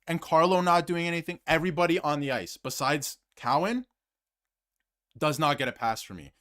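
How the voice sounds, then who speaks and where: A man's voice: on the high side, moderate pace, fairly bright tone. A man hosting a sports commentary stream, ranting heatedly about his team, repeating phrases for emphasis and dropping to muttered asides. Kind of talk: fired-up solo hockey rant to camera, reading super chats.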